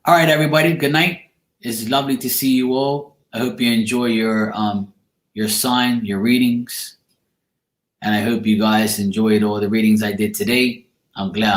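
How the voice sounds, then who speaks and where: Blunt, joking male tarot reader, roomy sound. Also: on the low side. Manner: blunt, joking, swears casually. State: tired at end of long day. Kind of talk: casual live-stream chat with viewers. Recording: roomy echo.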